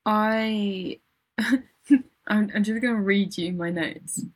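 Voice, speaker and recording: Woman co-host, husky tone, casual rambling music chat with frequent laughs. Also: medium pitch, fairly even intonation, takes it slowly. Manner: rambling, self-interrupting, laughs often. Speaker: podcast co-host.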